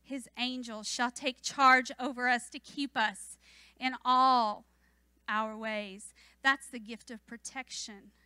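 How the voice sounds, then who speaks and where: Female church speaker, bright and forceful tone, fervent sermon delivery. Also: fairly high pitch, steady tone, slow, clean tone, no echo. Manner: fervent, rising to emphatic declarations.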